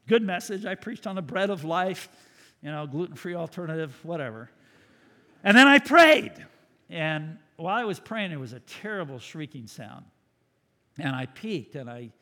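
A man preaching a sermon as pastor, with a voice pitched a bit higher than most men's. He tells his story dramatically, surging loud and then dropping to a hush. His words ring out in a long church-hall reverb.

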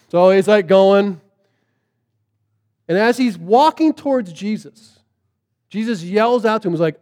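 A man's voice: sits high, lively intonation, a little slow, long pauses, darkish tone, big-room sound. A man preaching a sermon, telling the story casually and animatedly, with plenty of fillers. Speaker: pastor.

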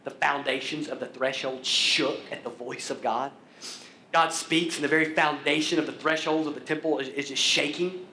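A man's voice: fairly even intonation, moderate pace, bright, forceful tone, a little hiss or hum. Echoey preaching man, rising emphasis. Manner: builds emphasis through repetition, rising in pitch and volume. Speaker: pastor. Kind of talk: sermon. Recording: echoey room.

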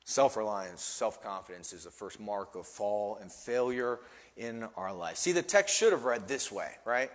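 A man's voice: fairly low pitch, animated, moderate pace. Emphatic preaching man in a reverberant hall. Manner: emphatic, stammering repeats. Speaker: pastor. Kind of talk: sermon.

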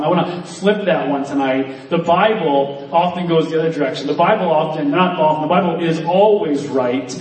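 A man preaching an earnest sermon to students, with frequent restarts, in a church hall. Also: on the high side. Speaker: youth speaker. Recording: echoey room, mic at a distance.

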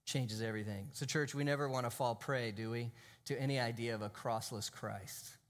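Delivering a sermon in church, this pastor speaks in a mid-range voice with fairly even intonation at a moderate pace. He is emphatic, stretching key phrases and occasionally sinking to an almost whispered hush for emphasis.

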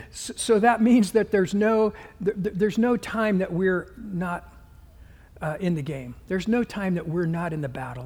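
A man's voice: sits high, darkish tone, long reverb tail. A man pastor preaching a sermon, earnest and emphatic, often restarting his sentences.

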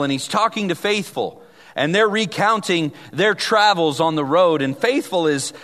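A man preaching a sermon as pastor, earnest and emphatic, dropping at times to a hushed tone. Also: medium pitch, big-room sound.

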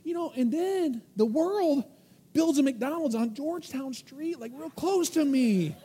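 A man preaching a sermon as pastor, lively and emphatic, slipping into the voices of the world, the flesh and the conscience. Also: very high voice, unhurried. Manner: animated preaching, acting out inner voices.

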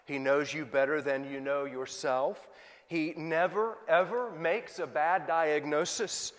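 A male pastor preaching a sermon, moving from loud emphatic questions to soft, quiet asides. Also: on the high side, measured pace, in a large hall.

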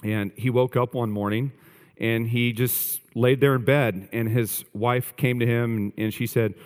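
A man's voice: medium pitch, steady tone, measured pace, long reverb tail. A male pastor preaching a sermon earnestly, stressing points through repetition.

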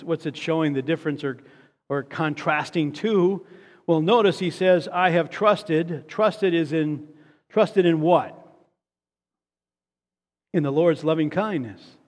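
A man's voice: a little high, a little slow. A man preaching a sermon earnestly, often repeating a word as he builds to a point. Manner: earnest, repeats words when stressing a point. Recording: long hall reverb.

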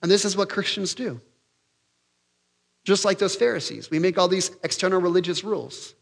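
A man preaching a sermon as pastor, animated and excitable, acting out the voices of the people he quotes. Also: normal speed, vocal fry, big-room sound. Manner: animated, acts out quoted voices, raises pitch and volume for emphasis; excitable, loses his place in notes.

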